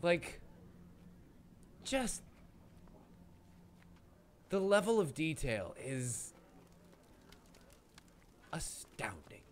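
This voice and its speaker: A man commentating a live game stream, excitable and gushing, with frequent swearing. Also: fairly high pitch, very slow, pauses often, a little hiss or hum. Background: game music.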